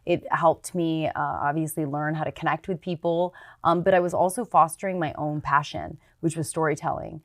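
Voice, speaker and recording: A woman from Canada, a TV news reporter, chatting as a podcast guest with animated storytelling and lively swings in her voice. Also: low voice, normal speed, hardly any pauses, dry recording, clean studio sound. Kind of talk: casual interview chat.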